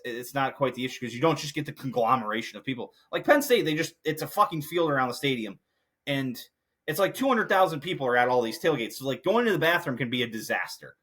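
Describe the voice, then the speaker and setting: A young man from the United States hosting a casual sports podcast with a bright, forceful voice. He rambles and swears constantly, and his rants turn heated and loud. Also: medium pitch. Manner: profane, rambling, heated when ranting. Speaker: podcast host.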